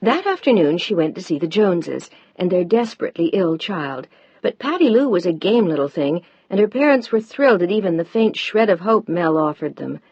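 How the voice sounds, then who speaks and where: Husky-voiced woman narrating an audiobook. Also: fairly low pitch, darkish tone, dry recording. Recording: dull dry audiobook recording.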